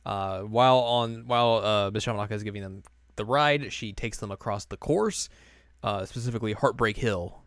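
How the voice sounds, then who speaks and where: A young man talks through an anime recap in a relaxed podcast chat, slipping into voices for the characters. His voice sits a bit low and sounds smooth, recorded close and dry. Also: normal speed, no room sound. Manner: animated storytelling, jumps into quoted voices. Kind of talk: casual chat.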